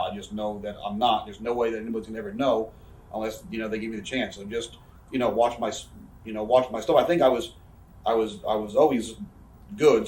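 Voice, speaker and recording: A man rattles through profane backstage stories at a quick clip. His voice sits at an ordinary pitch and sounds a little off the mic, in a roomy, echoing space. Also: far from the mic. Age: 30s. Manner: profane, rambling, quick talker with frequent fillers. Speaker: interview guest, pro wrestler. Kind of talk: candid casual storytelling. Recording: roomy echo, voice a bit off-mic.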